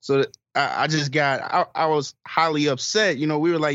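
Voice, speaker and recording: A man's voice: fairly high pitch, brisk, few pauses, fairly bright tone, no room sound, dull audio. A man co-hosting a podcast, telling a story in a casual chat with friends, acting out the people in it, swearing and laughing often. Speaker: podcast co-host.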